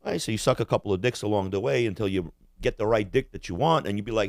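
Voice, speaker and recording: A man's voice: on the low side, fast talker, vocal fry, hardly any pauses, dry recording, studio quality. A man co-hosting a podcast, rambling through crude jokes and profane rants in casual chat. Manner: rambling, profane, jokey impressions. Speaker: podcast co-host.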